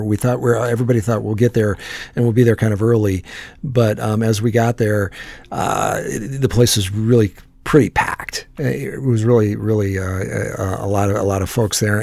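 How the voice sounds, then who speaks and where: A man telling a casual story full of restarts and repeated words, with swearing and animated quotes. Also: mid-range voice, creaky, no room sound. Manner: profane and animated when quoting people.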